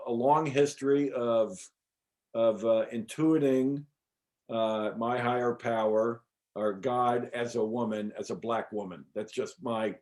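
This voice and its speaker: A middle-aged man, an interview guest, telling a personal story in a casual, animated way with many fillers and the odd swear word. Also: medium pitch. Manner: animated, chatty, frequent fillers and restarts. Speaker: interview guest recounting an experience.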